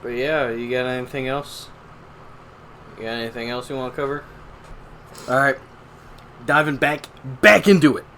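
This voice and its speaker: Crude joking young man, bright voice. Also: medium pitch, little pitch movement, normal speed, pauses often, a little hiss or hum. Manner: crude, joking, swears a lot. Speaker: podcast co-host. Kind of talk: casual podcast chat.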